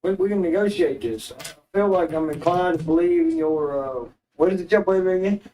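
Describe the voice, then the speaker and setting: A joking, crude man playing a tabletop game, his voice slightly high. He sounds set back from the mic in a roomy space, with faint noise behind. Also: a little fast, warm tone, far from the mic. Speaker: player. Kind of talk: casual tabletop game chat.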